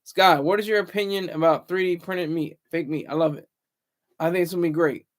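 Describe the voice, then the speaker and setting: A man's voice: on the high side, steady tone, brisk. A man in his thirties hosting a casual livestream, rambling loosely and reading viewer comments aloud. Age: 30s. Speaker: livestream host.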